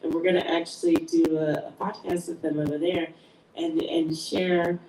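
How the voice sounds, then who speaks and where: A woman's voice: sits low, little pitch movement, moderate pace, distant mic. A woman hosting a casual chat with her daughter as guest. She laughs often and acts out quotes as she tells stories. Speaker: podcast host and mother of the guest. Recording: echoey room from off-mic, faint noise.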